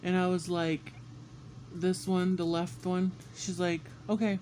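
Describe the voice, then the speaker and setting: A man vlogging a casual story about being sick, animated and swearing often, acting out what people said. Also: sits high, unhurried, slight background noise. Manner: animated, swears often, acts out quotes with squeals. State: congested and sick.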